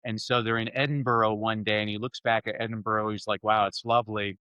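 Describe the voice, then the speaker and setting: A man as a podcast guest, telling stories in an enthusiastic, jokey, animated way. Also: fairly low pitch, brisk, smooth, no room sound, lo-fi sound. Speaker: guest speaker and author. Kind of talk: energetic conversational interview.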